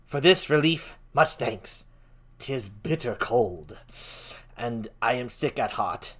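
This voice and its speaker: A man voicing a weary male sentry going off watch, slow and heavy. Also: a little high, sharp tone.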